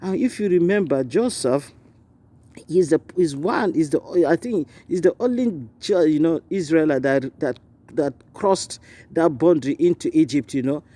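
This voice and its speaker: A man's voice: animated, mellow. A man with a West African accent preaching a sermon of personal testimony, often repeating and restarting his words and rising sharply when he stresses a point. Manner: repetitive, halting restarts, rising to high emphatic pitch.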